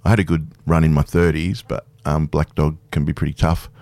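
A man's voice: very deep voice, steady tone, brisk, a little mellow, dry recording. A man in his fifties, a guest speaking candidly and self-deprecatingly in a casual radio interview, laughing easily. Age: 50s. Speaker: guest performer.

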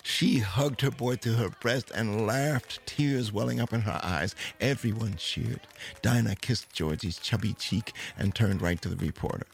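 A man's voice: lowish voice, a little slow, creaky. A man telling a true-life story aloud, lingering on its dramatic moments.

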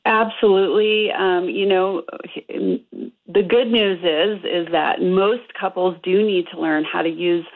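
A woman's voice: on the low side, slow. A middle-aged woman, a couples therapist, explaining earnestly as a radio guest over the phone, with many fillers. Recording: tinny phone line.

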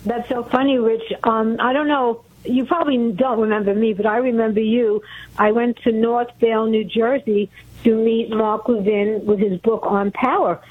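A woman's voice: on the high side, fairly even intonation, normal speed, husky. A woman from Brooklyn calling in to a talk radio show, chatty and earnest. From Brooklyn, New York. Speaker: caller. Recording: tinny phone line.

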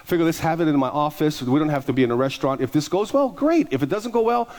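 Animated higher-voiced male pastor preaching. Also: quick pace. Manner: animated, repeats words and acts out people. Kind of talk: storytelling sermon.

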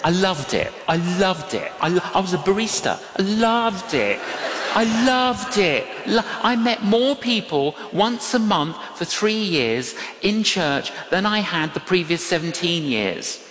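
Animated preacher in an echoey hall. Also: male voice, high voice, measured pace, few pauses, faint music behind. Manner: animated storytelling, swings from hushed to loud. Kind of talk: sermon. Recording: echoey hall with long reverb.

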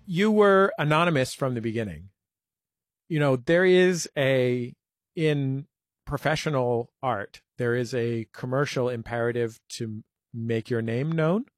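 A man's voice: mid-range voice, a little slow, no room sound, clean studio sound. A man hosting an interview, asking long framed questions with a wry, joking touch. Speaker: radio interview host. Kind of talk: conversational interview.

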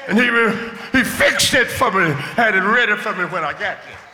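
An older male preacher giving a sermon testimony, moving from hushed storytelling to shouted rejoicing. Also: sits high, expressive, normal speed. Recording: echoey hall with long reverb.

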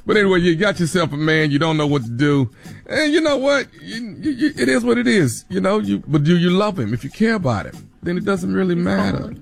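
Give me a laid-back man co-host with a gravelly, slightly high voice. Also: animated, a little fast. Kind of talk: casual advice chat.

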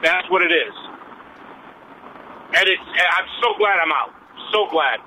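A man's voice: high-pitched, animated, a little slow, sharp tone. A middle-aged retired police officer calling in to a radio show from his car, talking emphatically and repeating himself. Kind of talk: phone-in call while driving. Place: in a moving car. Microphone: hands-free phone. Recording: dull phone line with road noise. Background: faint vehicle noise.

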